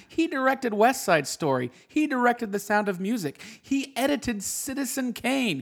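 A man hosting a podcast, reviewing films in a casual, animated, jokey way and swearing freely. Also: sits high. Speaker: podcast host.

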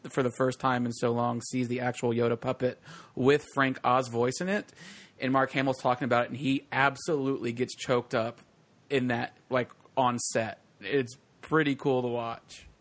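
A man co-hosting a casual chat podcast, teasing his friends, swearing and laughing loudly. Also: mid-range voice, level tone, normal speed. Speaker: podcast co-host.

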